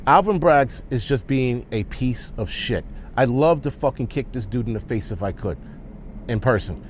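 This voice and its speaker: A man's voice: medium pitch, animated, normal speed, a little hiss or hum. A man ranting as a vlogger, blunt and heated, swearing often. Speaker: prepper vlogger. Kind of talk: angry opinion rant.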